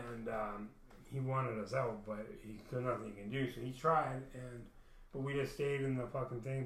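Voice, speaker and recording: A young man casually telling a long personal story, rambling with many restarts and frequent swearing. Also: medium pitch. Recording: roomy echo.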